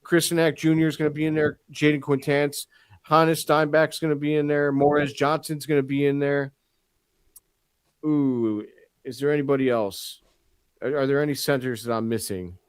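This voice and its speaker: American guy hosting a sports podcast, kinda high voice, rambles a lot, dry close sound. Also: level tone, normal speed, clear, resonant tone, dry recording. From United States. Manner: rambling, restarts often. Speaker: podcast host. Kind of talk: casual roundtable chat.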